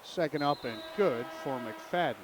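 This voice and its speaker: A man calling a local high school basketball game in a chatty play-by-play style, with faint noise behind him. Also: expressive, moderate pace. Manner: chatty, jokey, calls the plays. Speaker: play-by-play announcer. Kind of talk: local sports commentary.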